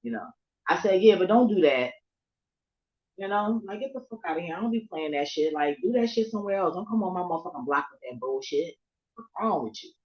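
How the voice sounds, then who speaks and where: A woman vlogger telling a story in a casual, heated rant, swearing heavily and swinging between shouting and muttering. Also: lowish voice, expressive, fast talker, muffled recording. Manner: heavily profane, heated and emphatic.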